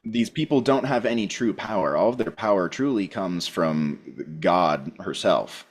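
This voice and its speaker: A man speaking calmly and reflectively as a co-host in a casual spiritual podcast conversation. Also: low voice. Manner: calm, measured, reflective.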